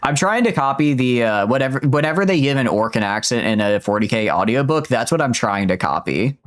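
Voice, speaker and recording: A man's voice: medium pitch, expressive, a little fast. A man streaming a game, chatting casually, answering chat and laughing often. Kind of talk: casual gameplay commentary.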